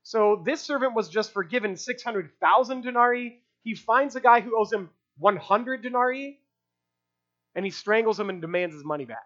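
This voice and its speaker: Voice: medium pitch, moderate pace, fairly bright tone, dull audio. A preacher giving an expository sermon in a conversational way, asking rhetorical questions and using casual fillers.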